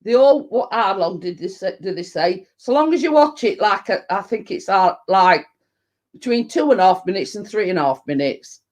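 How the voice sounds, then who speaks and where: A woman's voice: medium pitch, lively intonation, normal speed, darkish tone. A woman hosting a casual live stream chat, telling rambling stories and laughing easily.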